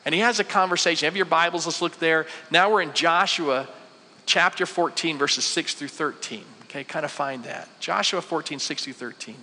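A man in his forties preaches in a lively, conversational way, acting out the worried voices of ordinary people and asking his listeners questions. His voice is bright and sits a little high for a man. The sound carries a long hall reverb, as in a church sanctuary. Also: normal speed, a little hiss or hum. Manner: conversational, acts out quoted voices, many rhetorical questions. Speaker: pastor. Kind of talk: sermon.

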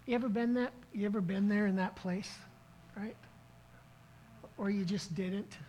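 A man's voice: high-pitched, unhurried, darkish tone, slight background noise, poor audio. A middle-aged man preaching a sermon as pastor, telling a story in an earnest way, with frequent restarts. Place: church service.

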